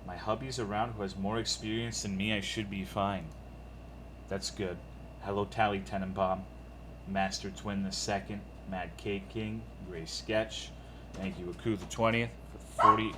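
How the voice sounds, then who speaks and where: Relaxed, foul-mouthed male streamer. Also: on the low side, normal speed, noisy background. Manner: laid-back, profane, reads viewer names in a run. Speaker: streamer greeting chat. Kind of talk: casual live-stream chat.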